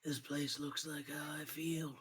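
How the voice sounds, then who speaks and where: A man voicing a small bird-man artificer who talks softly and kindly, with a self-deprecating edge. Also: fairly high pitch, flat delivery, a little slow, voice pushed up. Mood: wistful.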